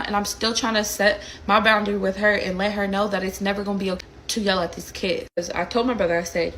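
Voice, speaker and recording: Young woman, storytime monologue, animated and slangy, faint background noise. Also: mid-range voice, fast, low-quality recording.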